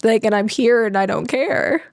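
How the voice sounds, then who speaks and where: Thirties woman on a podcast, smooth voice, real earnest, kinda teary, dry sound. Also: on the high side, moderate pace, no room sound. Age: 30s. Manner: earnest and heartfelt, many "like"s. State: close to tears. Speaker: podcast guest, sales trainer. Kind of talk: candid interview talk.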